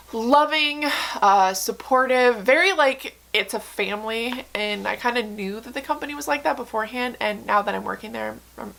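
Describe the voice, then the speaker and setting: A woman's voice: mid-range voice, creaky, a bit bright. A young woman in a candid, emotional chat to camera, talking earnestly with many fillers and some swearing. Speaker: book vlogger.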